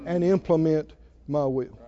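A man preaching a sermon in a playful, chuckling way that builds to shouted calls to the congregation. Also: a little high, measured pace, highs cut off.

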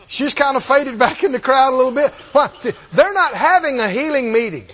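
A man preaching a sermon, laughing often and acting out the scripture scenes in lively voices. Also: very high-pitched, brisk, few pauses.

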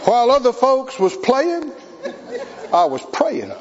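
A man preaching a sermon, telling a story and growing emphatic, close to shouting at times. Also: extremely high pitch, wildly swooping pitch, takes it slowly, crowd noise. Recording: dull, reverberant hall.

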